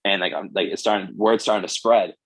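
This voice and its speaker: A young man in his twenties, a guest pitcher, telling stories casually and animatedly with lots of "like". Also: brisk, slightly rough, no room sound, rough recording. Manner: animated, fills speech with "like". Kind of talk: casual storytelling.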